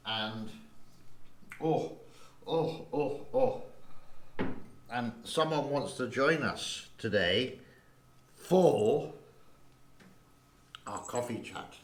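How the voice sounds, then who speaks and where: A man's voice: mid-range voice, fairly bright tone, roomy sound, slight background noise. Chatty man vlogging from a home studio. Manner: rambling and chatty, talks to his cat. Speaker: channel host. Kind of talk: casual vlog chat.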